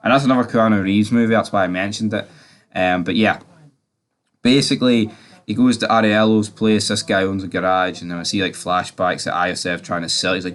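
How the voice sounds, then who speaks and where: A man giving a casual movie review, rambling and chatty, swearing now and then and tagging his points with quick questions to the listener. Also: fairly low pitch, steady tone, fairly bright tone. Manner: rambling and chatty, swears, tags lines with "right?".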